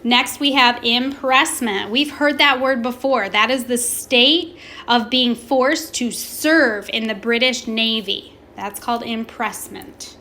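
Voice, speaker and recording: Brief: woman teacher, bright and fairly high voice, slow and deliberate, stretches words out as she models them. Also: slight background noise. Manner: asks questions and pauses for students. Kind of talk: recorded remote classroom lesson.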